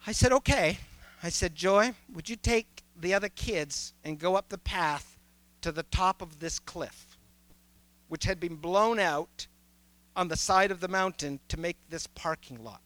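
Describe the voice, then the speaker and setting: Bright, high-voiced man preaching slowly. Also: no room sound. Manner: storytelling, drops to soft low tones then rises to preaching. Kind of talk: sermon with a personal story.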